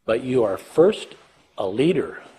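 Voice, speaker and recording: His mid-range voice is sing-song, mellow and slightly rough, moving a little slowly. An older American man, he gives a conversational leadership lecture, sharing self-deprecating stories and acting out dialogue with laughs.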